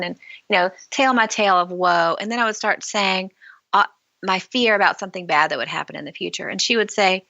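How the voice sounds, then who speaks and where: A woman's voice: medium pitch, brisk, gravelly, pushed and bright, no room sound, dull audio. A woman author, a guest on a podcast interview, giving candid advice and acting out remembered conversations as she tells stories. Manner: candid storyteller, acts out dialogue.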